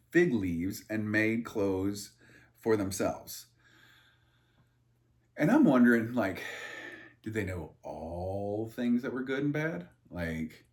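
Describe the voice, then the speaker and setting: A man reading a Bible passage aloud and breaking off into irreverent, crude joking asides, with a loose, rambling delivery full of fillers and restarts. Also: on the low side. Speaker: Bible study leader. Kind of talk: casual Bible reading with commentary.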